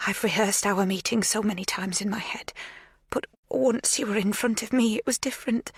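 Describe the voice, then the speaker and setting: A woman voicing a tearful, pleading middle-aged woman in an audiobook, breathy and rushing her words. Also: low voice, sing-song, no room sound, studio quality.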